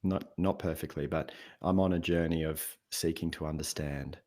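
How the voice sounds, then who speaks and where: A man's voice: extremely low pitch, normal speed. A man speaking as a guest on a podcast in casual conversation, telling stories and acting out what people say. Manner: animated storyteller, acts out quoted voices. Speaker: podcast guest, habits coach.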